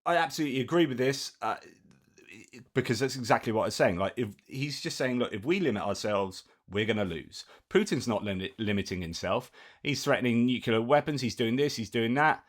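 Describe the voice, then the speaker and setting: A man's voice: mid-range voice, fairly quick. A man hosting a casual news commentary, talking in a chatty way with self-corrections and asides, and reading quotes aloud in between.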